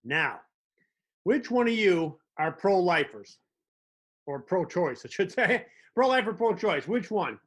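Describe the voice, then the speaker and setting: A man's voice: high-pitched, sing-song, slow pace, fairly bright tone. A man hosting a comedic monologue, telling wry stories with little mock dialogues. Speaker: host.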